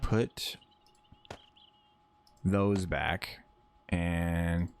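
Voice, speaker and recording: A man's voice: sits low, fairly even intonation, very slow, faint music behind. A man livestreaming a survival game, rambling through his plans with fillers and restarts, greeting and teasing chat and swearing casually. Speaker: livestreaming gamer. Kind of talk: casual live game commentary.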